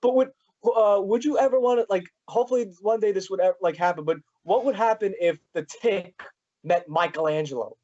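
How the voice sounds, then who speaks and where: Eager young man, high voice, rambling host. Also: brisk, warm tone. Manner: eager, rambling, lots of fillers. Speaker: podcast host. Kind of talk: casual interview chat. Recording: dull lo-fi sound.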